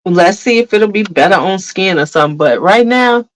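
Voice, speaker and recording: A woman's voice: medium pitch, expressive, normal speed, poor audio. Blunt, chatty woman reviewing perfume. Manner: blunt, frank, chatty, addresses viewers as "y'all". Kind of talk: casual fragrance review vlog.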